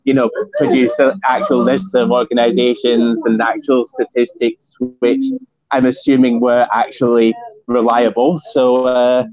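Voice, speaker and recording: A man's voice: mid-range voice, steady tone, a little slow, darkish tone, lo-fi sound. A man with a Scottish accent, a guest in a casual online chat, talking with many fillers and restarts. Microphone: phone.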